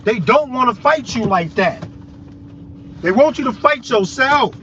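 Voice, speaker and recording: A man's voice: very high-pitched, expressive, measured pace. A man delivering a heated, profane, confrontational rant straight to his viewers. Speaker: vlogger. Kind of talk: ranting monologue to viewers. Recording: dull lo-fi audio with loud road noise.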